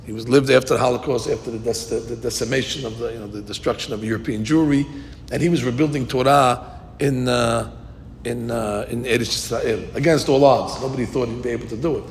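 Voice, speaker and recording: Man teaching a Talmud class in a hall. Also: fairly quick. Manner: lively storyteller, rises to quote Hebrew verses. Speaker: Torah teacher. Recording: long reverb with faint rumble.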